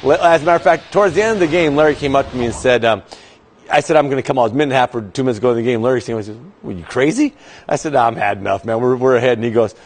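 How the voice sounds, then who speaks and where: A man's voice: medium pitch, rapid-fire. Laughing man telling basketball stories. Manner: animated, laughing storyteller. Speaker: former player telling stories. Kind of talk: casual anecdote telling.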